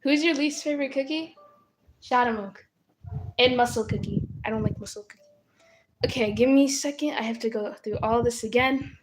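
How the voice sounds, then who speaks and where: A woman casually commenting on her gameplay while streaming, excitable and talking to her chat with lots of starstruck exclamations. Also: on the high side, a little fast, a little hiss or hum. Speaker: game streamer.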